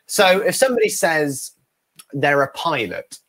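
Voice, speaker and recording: Man, ventriloquist guest, animated storyteller, acts out voices, bright tense voice, video call from home. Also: on the high side, measured pace. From United Kingdom. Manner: lively, acts out other people's voices. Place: home room.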